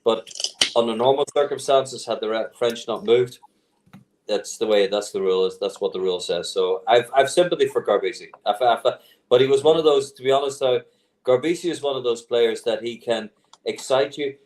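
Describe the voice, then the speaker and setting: A man's voice: medium pitch, fairly quick, darkish tone, rough recording. A man on a video call, giving his opinion in a rambling, explaining way as a guest in a casual chat. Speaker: panel guest.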